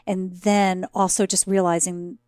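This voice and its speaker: A woman's voice: on the low side, little pitch movement, measured pace, darkish tone, smooth, no echo. Engaged woman interviewer, dry sound. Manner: engaged, encouraging questions. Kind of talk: casual conversational interview.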